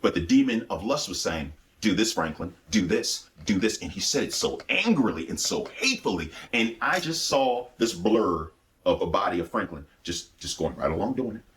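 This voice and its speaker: A man's voice: fairly low pitch, sing-song, normal speed, fairly bright tone. A man telling a personal spiritual testimony, speaking intensely with repeated phrases and restarts. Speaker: speaker giving a religious testimony.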